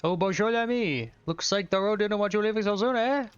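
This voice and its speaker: A man's voice: high-pitched, a little fast, clean tone, dull audio, faint music behind, voice pushed up, lightly acted. A man doing a fake French accent as a sly village mechanic in a game.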